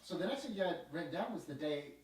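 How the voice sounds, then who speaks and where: A man's voice: a little high, animated, quick pace, darkish tone, roomy sound, distant mic, a little hiss or hum, low-quality recording. A man interviewing a veteran, asking brief prompting questions for an oral history.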